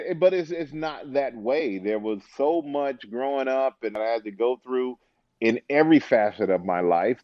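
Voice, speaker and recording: A man guest in a casual interview, an animated storyteller who acts out the voices he quotes. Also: medium pitch, no echo, highs cut off. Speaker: interview guest, former football player and TV host.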